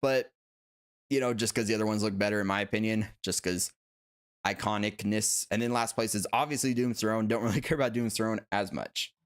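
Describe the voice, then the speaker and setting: A man's voice: on the low side, steady tone, brisk. A young man casually chatting on a livestream about collectible figures and reading out viewer comments. He is talkative, laughs often and fills his talk with "like".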